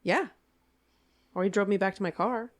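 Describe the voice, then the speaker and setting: A young adult woman co-hosting a podcast in casual chat, animated and swearing casually, often laughing. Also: mid-range voice, moderate pace. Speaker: podcast co-host.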